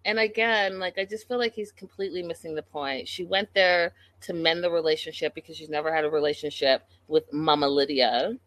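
A woman's voice: deep voice, a little fast, hardly any pauses. A woman giving a casual commentary recap of a reality show in an exasperated, incredulous way, talking straight to the people on the show.

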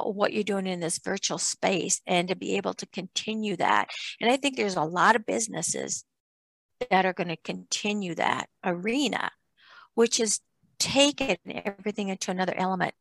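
A woman's voice: medium pitch, normal speed, creaky, dry recording. A woman in her sixties hosting a podcast, chatting in a rambling way and laughing between thoughts. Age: 60s. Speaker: podcast host. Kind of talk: casual podcast interview.

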